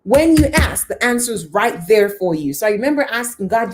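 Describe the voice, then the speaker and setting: A woman in her thirties shares a personal turning point with viewers of her live stream. Her voice sits on the higher side, and she lets it jump up for emphasis and drop low for the quiet moments. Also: brisk, hardly any pauses, slight background noise. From lives near Toronto. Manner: animated, greets viewers by name, dramatic pitch swings.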